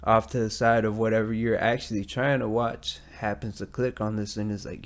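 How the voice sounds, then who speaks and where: On his casual solo podcast, an American man rambles and curses, often at his own expense. He speaks at normal speed in a flat, lowish voice with few pauses. It's nighttime, he's in a metal garage, and he's using a studio mic and headphones.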